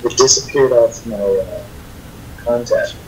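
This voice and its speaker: A man chatting casually on a voice call, often halting and restarting his sentences. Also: medium pitch, slight background noise, low-quality recording. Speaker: voice chat participant. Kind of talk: casual chat.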